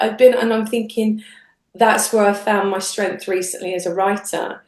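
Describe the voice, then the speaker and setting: Lively woman in a roomy echo. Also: moderate pace. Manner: animated, acts out quotes with big pitch jumps, frequent restarts. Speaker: guest, singer-songwriter and radio host. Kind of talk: casual interview chat.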